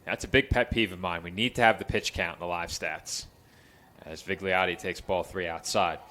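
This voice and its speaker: Bright-voiced college baseball play-by-play man. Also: deep voice, fairly even intonation, normal speed. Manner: chatty, lifts his voice for game action. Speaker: play-by-play announcer.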